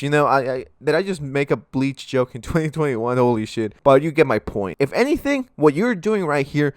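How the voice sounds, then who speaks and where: A man's voice: a little high, lively intonation, a little fast, few pauses, no room sound, studio quality. A young man giving sarcastic, swear-heavy reaction commentary from his room. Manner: sarcastic, ranting, swears freely. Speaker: commentary YouTuber.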